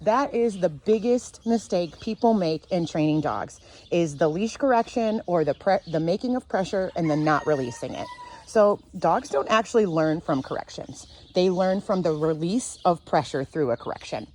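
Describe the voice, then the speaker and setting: A woman dog trainer teaching outdoors, calm and sure as she explains leash handling. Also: fairly low pitch, moderate pace, slight background noise. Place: outdoors near a fenced dog area.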